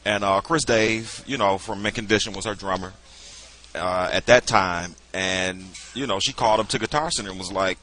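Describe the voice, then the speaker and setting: A middle-aged man talks as a podcast guest, a musician recounting his gigs. His voice sits slightly low, yet the tone is bright and forward. He tells his stories loosely and fills them with "you know.". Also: moderate pace. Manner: relaxed storyteller, many "you know" fillers. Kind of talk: casual interview chat.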